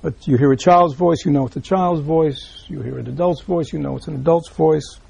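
A man giving a Buddhist dharma talk, reading out a teaching and explaining it. He often checks in with listeners by asking "right?", repeats himself, and drops into soft asides. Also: fairly high pitch, normal speed, creaky, slightly rough. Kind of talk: dharma talk explaining a read-aloud text.

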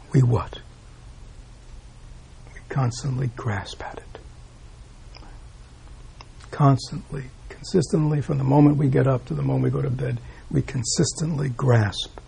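Very gravelly, husky-voiced Buddhist teacher. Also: male voice, mid-range voice, moderate pace, warm tone. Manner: rhetorical questions, frequent "right?", chuckles. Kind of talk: dharma talk.

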